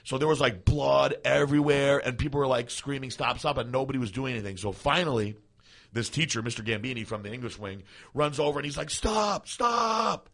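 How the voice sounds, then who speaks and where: A man co-hosting a podcast, telling a story in a casual, animated way, swearing and laughing often. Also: medium pitch, fast talker, vocal fry. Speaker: podcast co-host.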